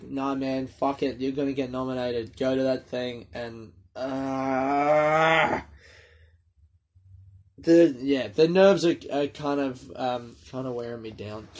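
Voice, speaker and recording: Brief: young Aussie comic, slightly high voice, sniffly, loose rambling solo podcast talk, casual swearing. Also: male voice, a little mellow. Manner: rambling, self-deprecating, swears freely. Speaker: comedian podcast host.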